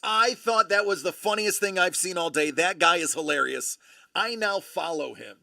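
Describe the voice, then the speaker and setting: A man hosting a live stream, excitedly opening trading cards and exclaiming over each one. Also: high voice, moderate pace, gravelly, no echo, studio quality. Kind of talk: live-stream card breaking.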